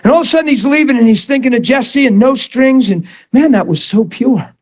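High-pitched male preacher, fervent storyteller who repeats himself and bursts into shouts. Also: a little fast. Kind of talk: sermon.

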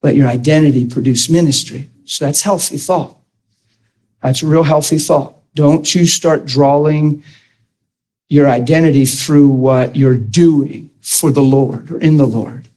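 Man, preacher, sermon, high voice, husky, excitable storytelling, stammering restarts. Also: a little slow, low-quality recording.

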